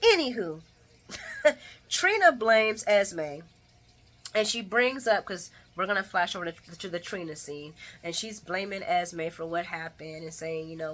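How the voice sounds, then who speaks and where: A woman's voice: mid-range voice, unhurried. A woman giving a chatty daily soap opera recap, talking straight to her viewers and talking back at the characters. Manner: expressive, talks back at characters, laughs often; chatty, addresses viewers directly. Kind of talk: casual daily recap commentary.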